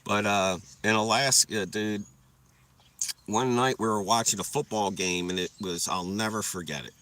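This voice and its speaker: Young guy on a livestream telling wild stories, cussing a lot, bright punchy voice. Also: lowish voice, moderate pace. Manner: profane, rambling, laughs at own stories. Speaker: livestreamer chatting with viewers. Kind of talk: casual storytelling.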